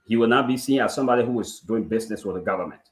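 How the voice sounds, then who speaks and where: A man giving measured political analysis on a talk show, asking rhetorical questions. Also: lowish voice. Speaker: political commentator. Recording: echoey room.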